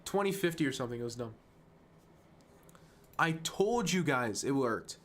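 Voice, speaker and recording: A man streaming chess, talking fast and self-mocking through move lines, dropping to quiet muttering when frustrated. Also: medium pitch, animated. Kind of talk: casual live-stream game commentary.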